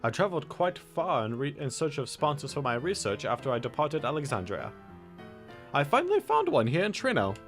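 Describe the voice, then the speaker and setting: A man voicing a kindly elderly male scholar who speaks formally and gently, with lively intonation. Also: fairly high pitch, brisk, soft background music, voice pushed up. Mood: gracious.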